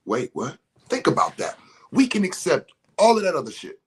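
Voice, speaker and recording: Husky-voiced man giving a spiritual pep talk. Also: a little high, very animated, normal speed, fairly bright tone. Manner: emphatic, preachy, addresses listeners directly. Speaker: ceremony facilitator.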